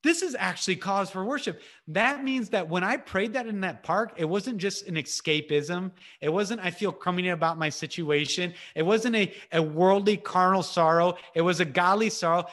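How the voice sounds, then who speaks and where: A man's voice: sits high, moderate pace, few pauses. Earnest man giving an emotional testimony. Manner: earnest and emotional, swinging between raised urgency and hushed intensity; casual, with filler words and restarts. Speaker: ministry speaker. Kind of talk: impassioned personal testimony. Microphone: video call.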